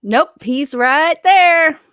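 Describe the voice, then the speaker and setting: A woman's voice: high-pitched, lively intonation, extremely slow, fairly bright tone, no echo. Chatty woman hosting a home livestream. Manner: chatty, reads viewer comments aloud. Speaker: livestream co-host. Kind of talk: casual livestream chat. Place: her home.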